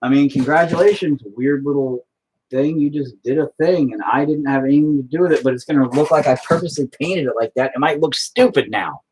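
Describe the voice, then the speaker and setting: A man's voice: a little high, fairly quick, a little mellow, a little hiss or hum. A young man chatting casually while he paints, self-deprecating and swearing constantly as he talks to his painting. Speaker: painting video host.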